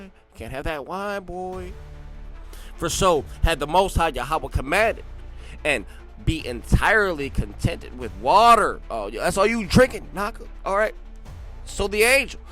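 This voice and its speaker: Animated man reading with slangy asides. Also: on the high side. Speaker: host reading a text aloud with commentary. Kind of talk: casual read-along commentary.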